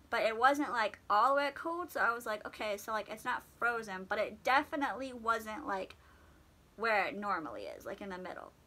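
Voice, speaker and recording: Bright-voiced young woman telling a story. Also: fairly high pitch, poor audio. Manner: chatty, filler-heavy, animated retelling. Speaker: vlogger. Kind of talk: casual storytime.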